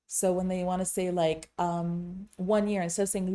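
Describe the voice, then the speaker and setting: Speaking in a mellow, fairly low voice with a flat delivery, this English-speaking woman teaches Tibetan sounds in a casual, slightly wry way. She works as a Tibetan teacher and interpreter, and her lesson to camera is chatty, slowing down whenever she demonstrates crisp vowels.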